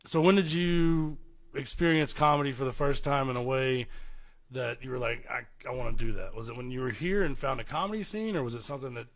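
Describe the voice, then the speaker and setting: A man's voice: medium pitch, a little fast. A man from East Texas, hosting a podcast in casual, rambling interview chat. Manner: rambling, chuckles often. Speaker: podcast host.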